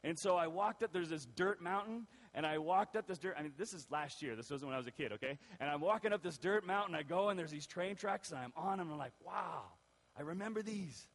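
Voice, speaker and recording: A male pastor telling a personal story in a sermon, lively and acting out the voices of the people in it. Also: a little high, fairly quick. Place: church. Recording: long reverb of a church hall.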